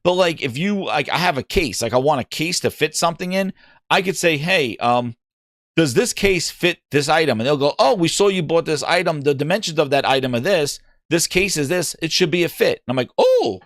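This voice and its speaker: A man's voice: fairly high pitch, fairly bright tone, no room sound, studio quality. A man hosting a gaming podcast, talking in a rambling, casual way with lots of fillers and restarts. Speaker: podcast host.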